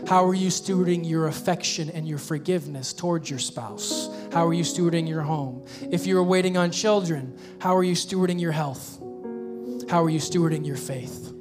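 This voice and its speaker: A man preaching a sermon as pastor, emphatic and repeating his questions for effect. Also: on the high side. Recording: guitar music behind.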